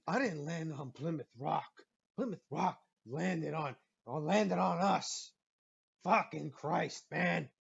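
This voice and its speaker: A man hosting a podcast and ranting in a profane, animated way about his own stories. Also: on the high side, creaky, husky. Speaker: podcast host. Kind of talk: profane comedic rant. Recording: muffled lo-fi recording.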